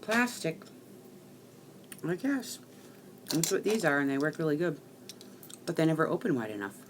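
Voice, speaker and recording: A middle-aged woman rambling casually to live-stream viewers while she crafts at home, chatty and quick to swear. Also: low voice, big pitch swings, a little hiss or hum.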